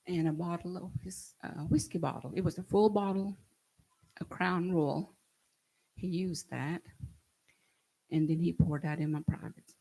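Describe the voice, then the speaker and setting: Woman, gravelly and husky, earnest and halting personal account. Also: lowish voice, fairly even intonation, dark tone, low-quality recording. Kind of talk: recounting a personal story.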